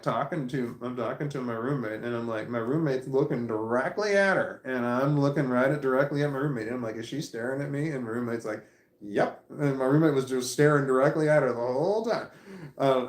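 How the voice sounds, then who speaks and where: A man's voice: medium pitch, echoey room. A man in his forties telling a long, profane anecdote in a casual, rambling way, often breaking into laughter. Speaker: vlogger. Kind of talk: casual storytelling.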